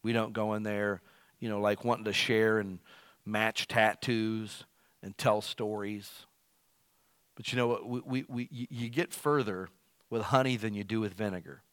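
Loud, animated male preacher. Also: fairly low pitch, a little slow, clear, resonant tone, no room sound. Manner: animated, swings between loud emphasis and quiet asides; self-described as loud. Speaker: pastor. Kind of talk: sermon.

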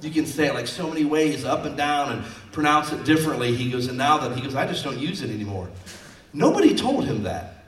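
A man's voice: on the high side, big pitch swings, fast talker, reverberant, far from the mic. A man preaching a sermon as pastor, folksy and conversational, acting out quotes from his stories.

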